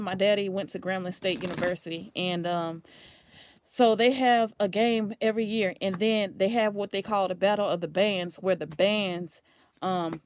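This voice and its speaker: A woman's voice: medium pitch, slight background noise. A woman from Louisiana with a Louisiana accent and a touch of New Orleans, a tarot reader chatting casually and rambling on a livestream, blunt and sweary. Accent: Louisiana, with some New Orleans.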